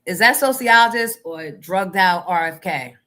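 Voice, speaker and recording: Outspoken NJ woman, livestream host, bright and forceful delivery. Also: fairly low pitch, lively intonation, moderate pace. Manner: outspoken, talks back to the chat. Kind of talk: casual livestream chat.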